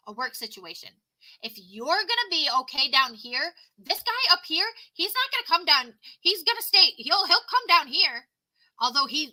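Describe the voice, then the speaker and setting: Woman, tarot reader on a livestream; high, piercingly bright voice; earnest and rambling, laptop mic. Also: low-quality recording. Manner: earnest, rambling advice with restarts and repetitions; reads card meanings slowly then talks to viewers. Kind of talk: casual livestream tarot reading.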